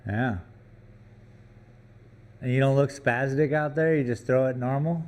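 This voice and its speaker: A man's voice: mid-range voice, steady tone, measured pace, a little mellow. A man chatting casually on a live stream from a gallery workroom, joking around and teasing his puppy between comments.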